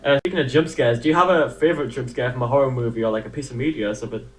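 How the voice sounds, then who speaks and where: A man's voice: medium pitch, rapid-fire. Laughing male co-interviewer. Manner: laughs often, relaxed. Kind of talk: casual interview chat.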